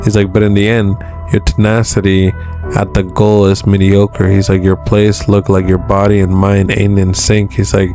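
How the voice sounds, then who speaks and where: Deep flat-voiced man recapping manga. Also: normal speed, faint music behind. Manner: retells the chapter in a loose, casual way and keeps saying "he's like". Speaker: manga reviewer. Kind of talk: casual manga chapter recap.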